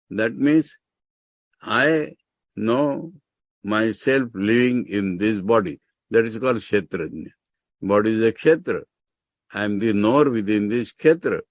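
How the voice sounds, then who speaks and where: Indian-accented male monk, unhurried scriptural discourse, mid-pitched, dry close recording. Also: no room sound. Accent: Indian English. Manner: explains Sanskrit terms word by word, with emphatic rises.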